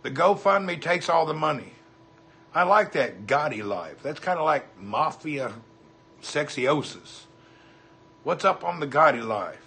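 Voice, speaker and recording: A man with a Southern US drawl hosts a casual livestream, talking in a friendly, folksy way. His voice sounds husky, with a bright, forward edge and a slightly high pitch. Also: big pitch swings, measured pace. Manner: folksy, chatty, greets viewers by name. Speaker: livestream host. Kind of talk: casual livestream chat reading comments.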